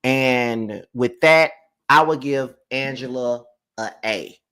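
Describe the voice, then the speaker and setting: A man's voice: mid-range voice, slow pace, a bit bright, clean tone. Chatty guy giving his blunt take on a reality show, lots of ums, mid-range voice. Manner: loose and chatty, hands out grades with frequent ums; blunt, candid opinions. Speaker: reality TV reviewer. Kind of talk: casual live review commentary.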